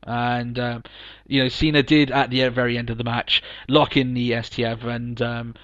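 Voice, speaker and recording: A man's voice: medium pitch, level tone, moderate pace, fairly bright tone, no room sound, highs cut off. A man co-hosting a podcast, chatting casually and emphatically, laughing often. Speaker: podcast co-host. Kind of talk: casual wrestling review chat.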